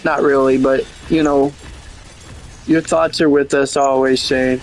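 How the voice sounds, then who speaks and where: A man's voice: medium pitch, flat delivery, measured pace, slight background noise. A man streaming a game and chatting casually, rambling and joking, swearing freely. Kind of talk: casual livestream chat.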